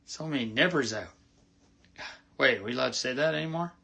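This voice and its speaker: A man's voice: medium pitch, expressive, a little fast, vocal fry, sharp tone, slightly rough. A man recording a joking, chatty greeting from his room at home. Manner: chatty, joking, with many fillers. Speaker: well-wisher telling jokes. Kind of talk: casual video greeting.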